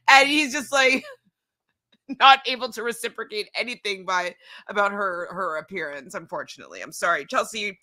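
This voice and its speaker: Bright-voiced woman giggling through commentary. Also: on the high side, normal speed. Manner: giggly, filler-heavy commentary. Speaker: recap show co-host. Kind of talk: casual recap chat.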